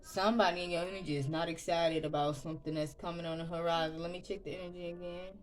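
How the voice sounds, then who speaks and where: A woman's voice: fairly low pitch, steady tone, fast talker, slight background noise. Chatty woman tarot reader. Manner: chatty, loose, with frequent ums and restarts; soft murmured prayer. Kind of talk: casual tarot reading.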